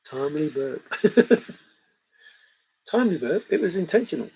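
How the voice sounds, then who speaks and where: A man hosts a livestream, chuckling and rambling casually as he reacts to viewers' comments in the chat. His voice leans high with big pitch swings, a slightly slow pace, and a creaky, darkish, slightly rough quality, on a low-quality recording.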